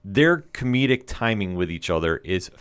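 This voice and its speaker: Guy on a podcast going over an episode, lowish smooth voice, rambles a bit and gets excited. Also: moderate pace. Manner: enthusiastic, rambling retelling with fillers. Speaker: podcast co-host. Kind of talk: casual episode recap chat.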